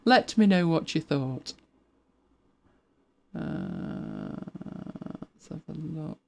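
A woman's voice: low voice, huge pitch swings, drawn-out words, gravelly, slight background noise. A woman in her fifties hosting a podcast in casual, rambling chat, laughing often and now and then dropping to a whisper. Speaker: podcast co-host.

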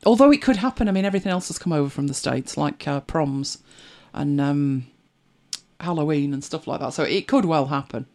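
A middle-aged English speaker chatting in an easy, reflective way, breaking into small laughs and side comments. The voice sits at a middling pitch and keeps a conversational flow. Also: fairly quick, darkish tone. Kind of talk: casual chat.

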